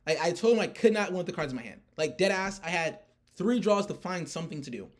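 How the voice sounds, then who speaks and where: Recounting a card tournament, a young player launches into a rambling, casual rant packed with fillers and curse words. He talks fast, in a high, expressive voice.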